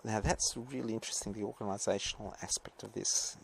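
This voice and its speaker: Man, teacher, podcast lecture; low, creaky voice; hesitant and digressive. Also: steady tone, quick pace, slight background noise. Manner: rambling, hesitant, many fillers and asides. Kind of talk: podcast lecture, reading and commenting.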